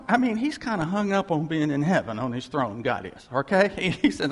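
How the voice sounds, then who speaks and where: A male pastor preaches with a gravelly, husky voice and a pitch that rises and falls a lot. He talks casually and wryly, often acting out God's words in a relaxed way. His voice carries a long reverb from a large hall. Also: brisk. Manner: conversational, wry, quotes God in a casual voice. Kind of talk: sermon.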